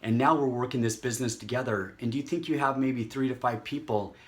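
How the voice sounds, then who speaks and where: A man giving a motivational network marketing training talk, energetic and acting out quick snippets of dialogue with prospects. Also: medium pitch.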